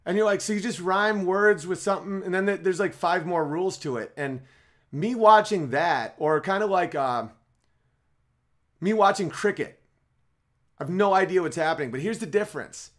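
A man with a somewhat high voice hosts a podcast stream. He talks in a loose comic monologue, often restarting his words and drifting into side jokes. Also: moderate pace, fairly bright tone. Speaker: podcast host. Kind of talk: casual comedic monologue on a livestream.

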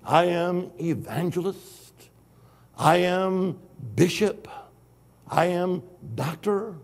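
A high-pitched older man preaching a lively sermon. He swings between storytelling and shouted praise, acting out the voices in his tale. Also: drawn-out words. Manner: exuberant, shouting hallelujahs, acting out dialogue. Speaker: guest preacher. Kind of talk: Pentecostal-style sermon.

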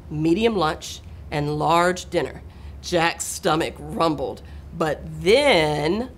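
A middle-aged woman reading a picture book aloud to children, expressive and talking to her young listeners. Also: lowish voice, slight background noise. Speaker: school administrator reading aloud.

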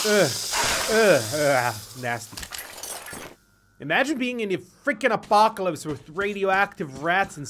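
A man streaming a video game, giving excitable live commentary that swings between mumbling asides and shouts at the screen. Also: a little high, noisy background. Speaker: gaming streamer. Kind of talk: live let's-play commentary. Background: game music.

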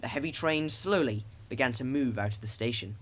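A man narrating a children's storybook with expressive, animated storytelling. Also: mid-range voice, brisk. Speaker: audiobook narrator.

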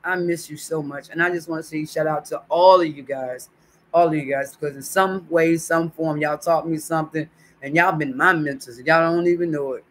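A YouTube livestream host chats affectionately with viewers on a casual livestream, reading their comments aloud. His voice is fairly high and bright, with fairly even intonation and normal speed.

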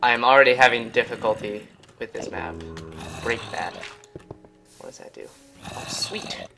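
A man giving let's play commentary, excitable and easily panicked, with yelps and repeated exclamations. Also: medium pitch, moderate pace, music in the background. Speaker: gaming channel host.

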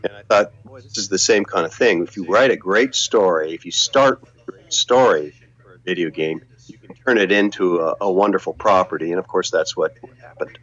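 An older man, a former business executive, recalling his career in a relaxed interview, full of anecdotes, repeated words and restarts. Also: low-pitched, fairly quick, highs cut off. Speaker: guest, former video game executive.

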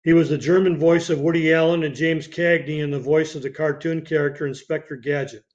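Slightly high-voiced male podcast host. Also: steady tone, fairly quick. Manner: reads dates and credits steadily, with occasional slips and restarts. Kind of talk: reading film obituaries on a podcast. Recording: dull lo-fi podcast audio.

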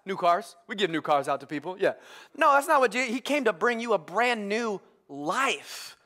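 A young man preaches in church with a high, bright-sounding voice. He tells funny family stories in an animated way and throws lively call-outs to the congregation. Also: moderate pace. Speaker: pastor. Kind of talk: humorous sermon. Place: church service with live congregation.

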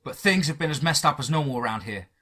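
A man's voice: on the high side, lively intonation, fast, bright, forceful tone. A man playing a defiant angry guy. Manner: defiant, heated. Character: angry young man cornered in his cabin.

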